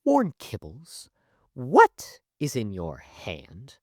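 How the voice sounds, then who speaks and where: Man putting on a shrill furious teacher lady. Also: wildly swooping pitch, slow, darkish tone, dry recording, clean studio sound, exaggerated voice. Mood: stern. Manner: shrill, scolding. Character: furious strict female schoolteacher.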